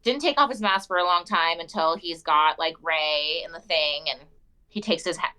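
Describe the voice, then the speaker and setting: A woman's voice: lowish voice, normal speed, sharp tone, clean tone, low-quality recording. A young woman co-hosting a casual podcast, chatty and opinionated, often laughing as she talks. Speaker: podcast co-host.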